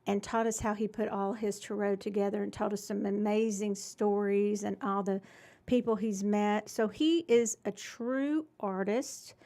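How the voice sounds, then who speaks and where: A woman's voice: medium pitch, fairly even intonation, unhurried, dark tone. A woman hosting a live talk show, chatting in a gushing, enthusiastic way. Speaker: podcast host. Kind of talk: casual live-show chat. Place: store in Carrollton.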